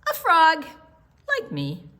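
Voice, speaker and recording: A woman's voice: very high voice, wildly swooping pitch, takes it slowly, sharp tone, voice pushed up, full character voice. A woman voicing a chorus of bossy, know-it-all frogs in a chirpy, preachy way. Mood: smug.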